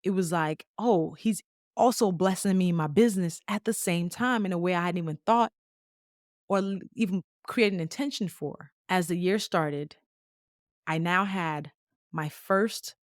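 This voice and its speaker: A woman in her late thirties hosts a podcast and tells a personal story in a lively, chatty way, full of casual slang. Her voice sits a little low. The recording is close and dry, with no room sound. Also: unhurried, no echo. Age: late 30s. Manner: lively, conversational, acts out quoted dialogue. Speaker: podcast host.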